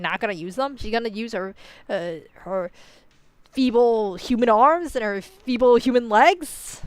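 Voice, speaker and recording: A young woman rants in a casual, playful way, her voice on the high side with no room sound. She laughs a lot and peppers her rambling commentary with "like" and "you know," sometimes getting a bit profane.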